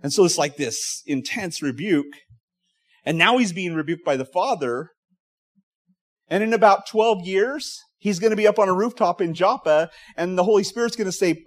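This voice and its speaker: A man's voice: sits high, lively intonation, moderate pace. Man preaching a conversational sermon. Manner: conversational, acts out quoted voices and asides. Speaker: pastor. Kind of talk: expository sermon.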